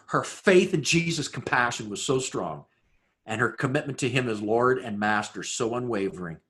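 A man preaching a sermon, building through rhetorical questions and dropping to a hushed voice for emphasis. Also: medium pitch, animated, normal speed. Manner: dramatic rhetorical questions, swings between loud and hushed. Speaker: pastor.

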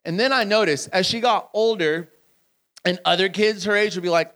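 A man's voice: high-pitched, a little fast. A man speaking at a camp, telling a joking story in a sermon and bantering with the audience, calling people up to help. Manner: animated, joking, calls people up on stage. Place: camp gathering, live audience. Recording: clear music playing behind the voice.

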